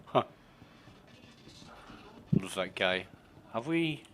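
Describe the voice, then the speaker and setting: A man's voice: lowish voice, lively intonation, very slow, a bit bright, a little hiss or hum. A man commentating casually on his gameplay, thinking aloud, muttering and swearing. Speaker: game streamer.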